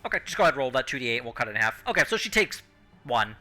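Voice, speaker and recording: Guy gm'ing a tabletop game, super bright tone, lots of ums, quiet music behind. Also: mid-range voice, big pitch swings, rapid-fire. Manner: hesitant, many ums while checking rules. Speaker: game master.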